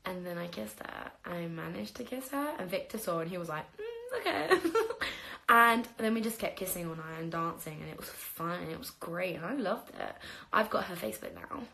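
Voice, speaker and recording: A woman's voice: on the low side, a little fast, vocal fry, sharp tone. A young woman chatting on a phone livestream, telling stories about her life with frequent laughs and casual swearing.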